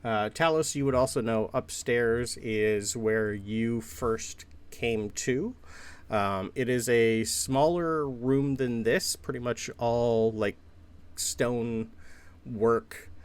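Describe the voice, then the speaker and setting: A man's voice: mid-range voice, takes it slowly, clean tone. A man acting as game master, describing a workshop scene loosely, with lots of fillers. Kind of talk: narrating a tabletop game.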